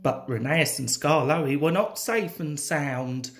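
A man reading a children's picture book aloud in an expressive, sing-song way. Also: on the high side, measured pace. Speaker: storybook reader.

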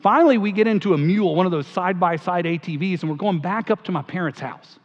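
A middle-aged man with a higher-than-usual voice delivers a eulogy as a pastor, and his tone is casual and humorous. The sound is muffled and dull, and a long reverb trails after his words in a church hall. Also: fast. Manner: conversational, humorous storytelling. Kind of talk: memorial eulogy storytelling.

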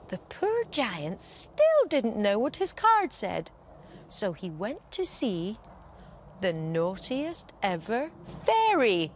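Slow, expressive woman storyteller. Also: medium pitch, slight background noise. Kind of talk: bedtime story reading.

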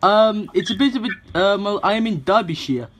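A man's voice: sits high, steady tone, brisk, close to an everyday voice. A man putting on a voice as a bar mitzvah boy on a prank call, hesitant and stumbling over his words. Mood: awkward pleading. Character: male prankster posing as a bar mitzvah kid. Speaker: prank caller. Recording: noisy, with clicks.

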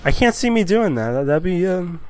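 A man's voice: high-pitched, very animated, moderate pace, slight background noise. A young man sounding a bit sick, chatting casually and jokily as an online commentator reading out odd laws, with lots of fillers and goofy asides. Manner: rambling and jokey, with many fillers and silly voices.

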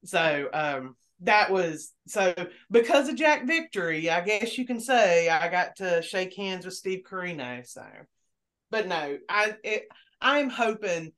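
A woman on a podcast panel, chatting casually and telling animated stories, swearing freely. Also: fairly low pitch, measured pace. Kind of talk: casual chat.

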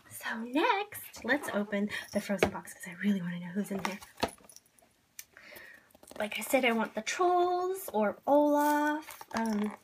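A woman vlogger opening blind boxes on camera at home, gushing and giddy, jittery with excitement, swinging between squeals and hushed whispers. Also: medium pitch, a little hiss or hum. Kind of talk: excited unboxing chat.

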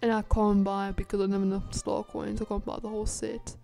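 A woman who is sick, chatting excitedly and reading game text aloud as she plays. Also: medium pitch, fast talker, gravelly, faint music behind. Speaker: gaming channel host. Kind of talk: casual gameplay commentary.

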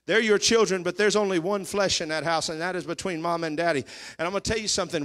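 A man's voice: high-pitched, a bit bright. A male pastor preaching a fervent sermon in church, calling out to the congregation as he drives his points home.

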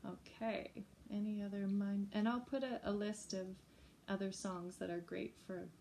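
A woman music educator giving a gentle, chatty teaching talk to teachers and parents. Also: medium pitch, flat delivery, normal speed, vocal fry, slight background noise. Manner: gentle, chatty, breaks into short sung examples. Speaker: early childhood music educator.

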